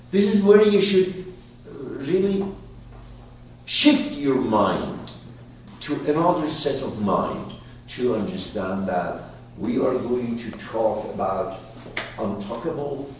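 A man whose first language is Persian, teaching a class in an emphatic, animated way that swings from loud to hushed, recorded from a distance in an echoey room. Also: medium pitch, slight background noise. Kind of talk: lecturing a class.

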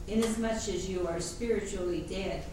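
Woman, student reader; soft, quiet reading; distant from the mic in an echoey room with clear noise. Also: mid-range voice, normal speed. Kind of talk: reading aloud a translated text.

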